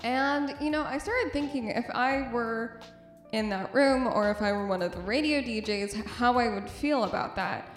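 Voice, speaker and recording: A young woman hosting a podcast in a casual, chatty monologue, with a slightly rough morning voice, joking at her own expense and laughing easily. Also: on the high side, normal speed, reverberant, soft background music. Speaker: podcast host.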